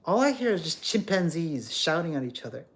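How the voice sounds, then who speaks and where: Animated, blunt ranting man. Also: a little high, fairly quick, very noisy. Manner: emphatic, repeats words, blunt and scolding. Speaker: livestream host. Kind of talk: ranting livestream monologue.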